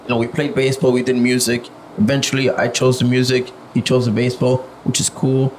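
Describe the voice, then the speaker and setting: A reserved young man talks in an easygoing, halting way, full of "like" and "you know." His voice sits at a middle pitch. A faint hiss runs under the recording. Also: little pitch movement, low-quality recording. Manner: soft-spoken, reserved, many fillers. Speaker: podcast guest, music producer. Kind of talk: casual interview chat.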